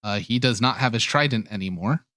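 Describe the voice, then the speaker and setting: Laid-back male game master, bright tone. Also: on the low side, a little fast, no echo, clean studio sound. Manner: relaxed, filler-heavy rules talk. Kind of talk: running a tabletop game.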